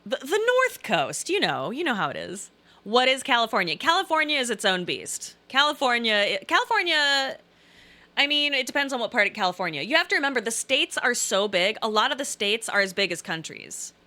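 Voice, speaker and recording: A middle-aged woman with a faint Southern Illinois twang chats casually on a live stream, reading comments aloud. Her voice is bright and forceful, and she rambles, repeats herself and throws in pleading asides. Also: fairly high pitch, very animated, fairly quick.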